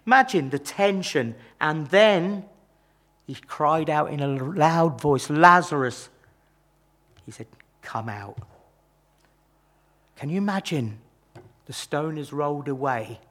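A man preaching a sermon, retelling a Bible story with dramatic rises and hushed drops. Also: expressive, measured pace. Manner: dramatic, rises and falls in pitch and loudness.

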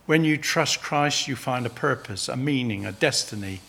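A man's voice: mid-range voice, moderate pace, vocal fry, fairly bright tone, breathy edge. A man preaching a sermon, earnestly pressing his listeners with urgent questions.

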